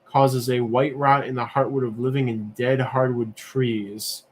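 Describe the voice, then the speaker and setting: A man's voice: mid-range voice, little pitch movement, unhurried, a little hiss or hum. Man musing aloud on a livestream. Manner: rambling, musing, self-questioning with fillers. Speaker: livestream host. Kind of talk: casual livestream chat, thinking aloud while browsing.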